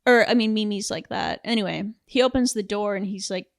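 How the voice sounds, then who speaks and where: A young woman with a mid-range voice co-hosts a podcast and casually reviews a film, retelling its story in an animated way. She does quick voices when quoting characters, and the studio sound is clean with no echo.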